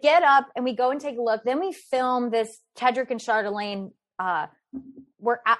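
A woman telling a story in casual conversation, animated and laughing often, with many filler words. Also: mid-range voice. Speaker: guest storyteller.

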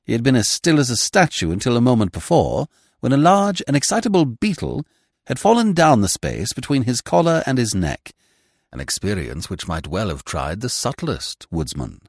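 A man reading a classic comic novel aloud in measured, expressive narration. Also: medium pitch, husky, dry recording, studio quality. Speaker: audiobook reader.

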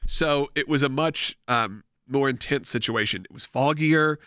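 A man's voice: medium pitch, a little slow, sharp tone, clean tone, dry recording, studio quality. A young man co-hosting a casual chat show, conversational and teasing, often trailing off mid-sentence. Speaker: podcast co-host.

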